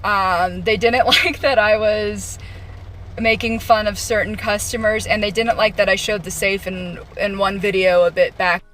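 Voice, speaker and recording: A woman telling a casual story about her retail job, giggly and animated, acting out the voices of others. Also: mid-range voice, measured pace, slight background noise.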